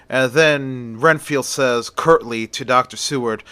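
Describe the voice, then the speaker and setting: A man's voice: mid-range voice, normal speed, hardly any pauses, sharp tone, dry recording. A man casually retelling a horror tale. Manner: loose, conversational narration. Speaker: storyteller.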